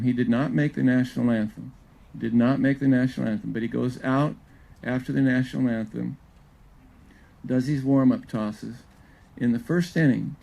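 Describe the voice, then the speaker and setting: An older man, a former pitching coach, telling folksy and humorous stories to an audience at a live event on a wireless mic. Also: gravelly, warm tone, low-quality recording. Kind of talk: storytelling talk at a live event. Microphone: clip-on or wireless event mic.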